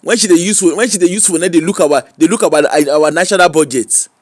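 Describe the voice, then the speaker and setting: High-voiced Nigerian man, lively and dry. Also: quick pace, no room sound. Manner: animated, mixes Pidgin and Yoruba. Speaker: streamer. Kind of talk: casual comic commentary.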